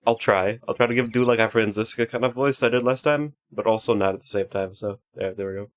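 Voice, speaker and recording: Lower-voiced man streaming a game casually. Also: quick pace. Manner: rambling, self-deprecating, chuckling. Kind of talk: casual let's-play commentary.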